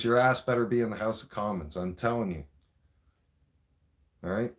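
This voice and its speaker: A man's voice: fairly low pitch, moderate pace, pauses often. A Canadian man delivering an angry, profane political rant in a vlog. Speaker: vlogger.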